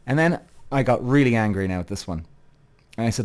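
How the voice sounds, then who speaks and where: A man's voice: mid-range voice, animated, brisk, long pauses, a little mellow, smooth. A man in his thirties hosting a podcast, ranting heatedly with frequent swearing and repetition, speaking straight to his listeners. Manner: heated, swearing, repeats himself, addresses listeners as guys. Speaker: podcast host. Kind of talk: animated solo podcast rant.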